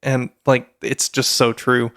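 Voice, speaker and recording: A man's voice: medium pitch, flat delivery, slow pace, a bit bright. A man, co-hosting a casual podcast, rambling with fillers and restarts. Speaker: podcast co-host.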